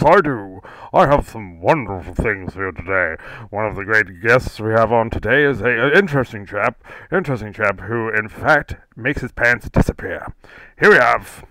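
A man's voice: fairly low pitch, pushed and bright, dry recording. A man in an improvised comedy sketch playing a showy, mock-formal male TV host. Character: pompous male TV show host.

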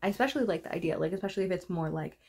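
A woman's voice: fairly low pitch, very fast, creaky, a little mellow, breathy edge. A woman vlogging about books in a casual chat to camera, rambling and wry as she runs through a list of titles. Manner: chatty, rambling and wry, lists book titles. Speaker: book vlogger.

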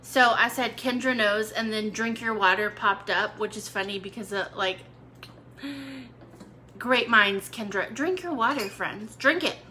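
A woman's voice: medium pitch, measured pace, sharp tone, a little hiss or hum. A young adult woman hosting a cooking video, chatting casually to her viewers with playful asides. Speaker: cooking channel host. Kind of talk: casual live video chat.

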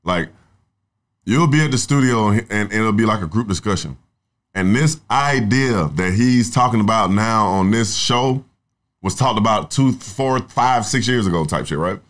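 A young adult songwriter in casual podcast talk, rambling through stories with plenty of profanity. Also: male voice, on the low side, animated, moderate pace, a bit bright. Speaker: songwriter guest.

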